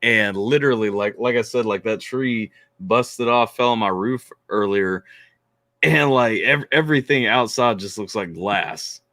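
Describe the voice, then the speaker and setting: A man hosting a casual remote chat, talking in a rambling, animated way with lots of restarts. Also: fairly low pitch, measured pace, dry recording, studio quality. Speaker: podcast host.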